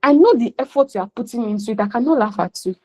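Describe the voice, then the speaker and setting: A woman's voice: a little high, lively intonation, fast, warm tone, rough recording. A Nigerian woman coaching a class over a video call, speaking bluntly and repeating her key points for emphasis. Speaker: career coach teaching a class. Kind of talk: motivational class talk on a call.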